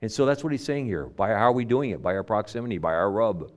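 A man's voice: on the low side, expressive, fast talker. A male pastor preaching a sermon, quoting scripture and building to emphatic, stressed phrases with frequent repetition. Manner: repeats words, quotes King James scripture, builds to emphatic stresses.

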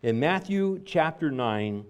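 A man's voice: a little high, expressive, slow pace, clean tone. A man preaching a sermon, driving points home by repeating phrases. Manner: emphatic preaching with stacked repetitions.

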